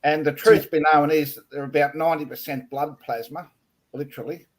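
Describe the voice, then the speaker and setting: A man's voice: a little high, fairly even intonation, a little fast. A man with an Australian accent chatting in a laid-back, easygoing way on a live stream. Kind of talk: casual live-stream chat.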